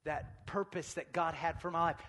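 A man preaching a sermon, swinging from hushed near-whispers to shouted passages. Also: on the high side, fairly even intonation, moderate pace, long reverb tail.

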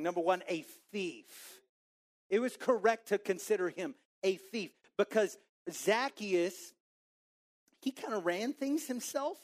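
A man preaching a sermon in a church, animated and joking, acting out a muttering crowd. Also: high-pitched. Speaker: pastor.

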